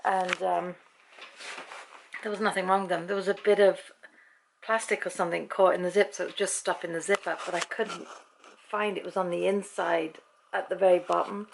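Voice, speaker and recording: Chatty British woman with gravelly voice. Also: fairly low pitch, level tone, moderate pace, background noise. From Britain. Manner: chatty, laughs often, acts out quoted speech. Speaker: vlogger. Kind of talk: casual storytelling to camera. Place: at home.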